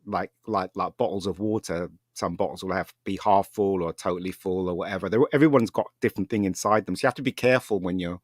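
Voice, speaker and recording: Man, deep low voice, rambling animated storyteller, dry close sound. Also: fast talker, hardly any pauses, no room sound. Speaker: podcast guest, filmmaker. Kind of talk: casual chat, telling a personal story.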